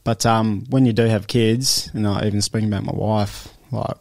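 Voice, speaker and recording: A man's voice: fairly low pitch, fairly even intonation, moderate pace, a little mellow, dry recording. An Australian man in his thirties, a guest boxer talking openly and emotionally in a casual interview, laughing often. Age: 30s.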